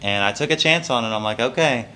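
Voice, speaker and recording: A young man talks in a fairly low voice that still has a bright, forward edge. He is earnest and humble, rambling and restarting his sentences as he tells his story in an interview. A little noise sits faintly behind him. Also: lively intonation, fast. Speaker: country singer and guitarist. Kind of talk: casual interview.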